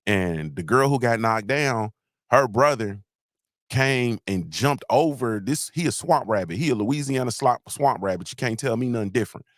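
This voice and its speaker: A man's voice: medium pitch, animated, normal speed, dry recording, clean studio sound. A man hosting a live show, telling a loose, slangy story and checking in with listeners again and again. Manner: rambling and slangy, keeps asking "you feel me?". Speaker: host of a live motivational show. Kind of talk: casual storytelling on a livestream.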